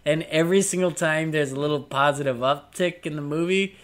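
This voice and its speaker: A man co-hosting a laid-back podcast chat, joking and laughing as he goes. His voice sits a little high for a man. He talks in a loose, easy way. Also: a little fast, fairly bright tone. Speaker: podcast co-host. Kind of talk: casual chat.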